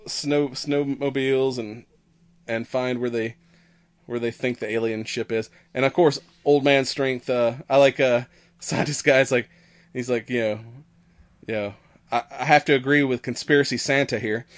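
A male podcast host keeps a steady tone and moderate pace in his mid-range voice, recorded without echo. Casually recapping a film, he rambles, swears, and acts out what the characters say, laughing as he goes.

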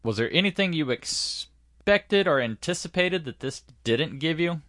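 A man's voice: a little high, expressive, measured pace, fairly bright tone, no room sound, studio quality. A man in casual chat, asking joking, pun-filled questions.

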